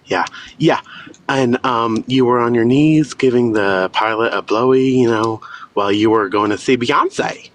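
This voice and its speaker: A man's voice: medium pitch, a little slow, slight background noise, pitched below the performer's own voice, lightly acted. A man putting on a teasing caller's voice who keeps calling the host dear, a guest on a live stream. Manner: calls everyone dear, gossipy teasing.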